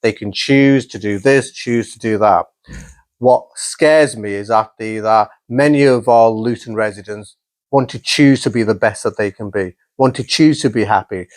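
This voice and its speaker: A middle-aged man from England, talking as a podcast guest in an animated, enthusiastic storytelling manner. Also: lowish voice, normal speed, no room sound. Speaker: podcast guest, college principal. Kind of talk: casual podcast interview.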